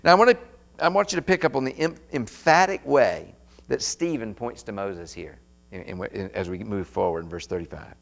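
A man's voice: on the low side, a little fast, vocal fry. A man preaching an expository sermon, reading scripture aloud and then commenting with rising emphasis.

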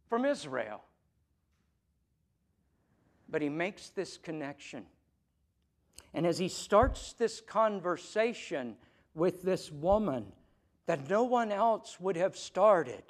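A man pastor preaching a sermon, emphatic, with loud stressed phrases and soft, low asides. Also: big pitch swings, measured pace.

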